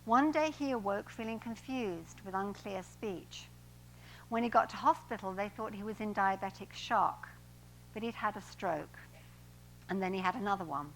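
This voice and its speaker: A woman's voice: mid-range voice, moderate pace, a little hiss or hum, poor audio. A woman who works as a personal trainer, giving an inspirational church talk in a chatty way and often laughing at her own lines. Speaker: guest speaker and personal trainer. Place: church sanctuary.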